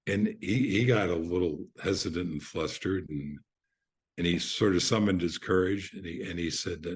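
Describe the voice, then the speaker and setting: An older man with a notably deep voice shares stories as a podcast guest. His tone is husky, and he talks unhurriedly, with frequent fillers and restarts. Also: moderate pace. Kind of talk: relaxed anecdote telling.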